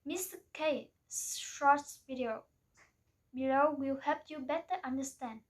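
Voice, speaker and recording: High-voiced woman slowly reading a presentation. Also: rough recording. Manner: careful, reading aloud from a script. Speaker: student presenter.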